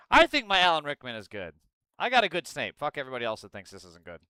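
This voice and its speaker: A man's voice: mid-range voice, sing-song, fast, pushed and bright, clean tone, no echo. A male streamer chatting casually and bluntly on a livestream, swearing freely and reacting aloud as he reads news.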